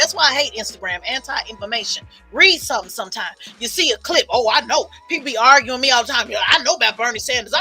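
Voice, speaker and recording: A woman's voice: high-pitched, bright, forceful tone. A woman political commentator giving an emphatic, preachy livestream monologue and repeating lines for effect. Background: faint music.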